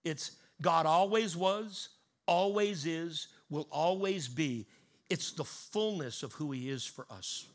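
A man's voice: on the high side, takes it slowly. A man preaching a sermon to his congregation, building emphatic rising cadences and teaching word meanings. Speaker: pastor.

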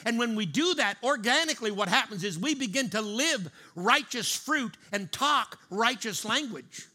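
A male pastor preaching a sermon emphatically, slowing down to stress key words and having the congregation repeat lines after him. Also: extremely high pitch, expressive, sharp tone.

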